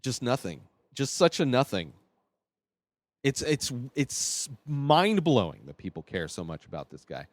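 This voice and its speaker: A man's voice: medium pitch, sing-song, normal speed, dry recording. A man hosting his own podcast, giving blunt, rambling opinions with lots of fillers. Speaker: podcast host. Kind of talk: casual opinion monologue.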